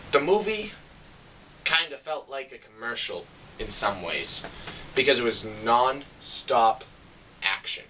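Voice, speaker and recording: Man, casual movie-review rant, bright edgy voice, sarcastic and fed up; faint hiss, a bit off-mic. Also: expressive, slow pace, pauses often, far from the mic, rough recording. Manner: exasperated, sarcastic, acts out quotes with big pitch jumps. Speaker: film reviewer.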